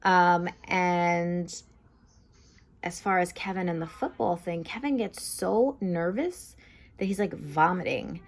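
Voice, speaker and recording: A woman's voice: lowish voice, slow. A young woman giving a casual, chatty TV episode recap and review, full of fillers like "um" and "like". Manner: chatty, lots of fillers like "like" and "um", acts out quotes.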